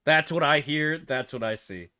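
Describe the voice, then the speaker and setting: A man's voice: fairly high pitch, normal speed, pushed and bright. A man streaming a game, answering his chat in loose, profane, rambling banter. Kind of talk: casual livestream chat, answering chat.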